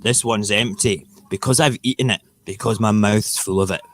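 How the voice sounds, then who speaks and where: A man doing a slow, low, mumbling politician. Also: fairly even intonation, background noise, close to an everyday voice. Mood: mocking. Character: impression of a gruff Scottish politician, man.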